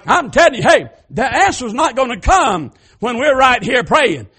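A man preaching with a strikingly high voice for a man. He swings from fervent shouted cries down to quiet, homespun asides to his congregation. His delivery has the rhythm of an old-time revival sermon. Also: sing-song, moderate pace, breathy edge. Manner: fervent, rising to shouted cries then dropping to soft folksy asides.

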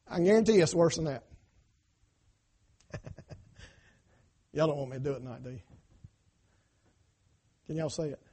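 Male pastor, high tenor for a man, emphatic call-and-response preaching. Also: normal speed, long pauses, husky. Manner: emphatic, swinging between loud cries and hushed asides, call-and-response. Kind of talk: sermon. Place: church.

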